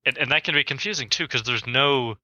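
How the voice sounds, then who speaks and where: A man's voice: fairly quick, no echo, lo-fi sound. A man co-hosting a podcast, explaining ideas in casual conversation and acting out spoken examples. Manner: explains with spoken examples, animated pitch jumps. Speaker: podcast co-host.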